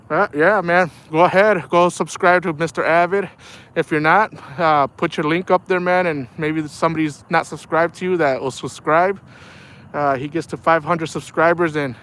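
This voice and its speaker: A man's voice: fairly high pitch, a bit bright. A man chatting casually on a fishing livestream from outdoors by the water, rambling in a laid-back way and often saying "man". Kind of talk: casual live chat while fishing.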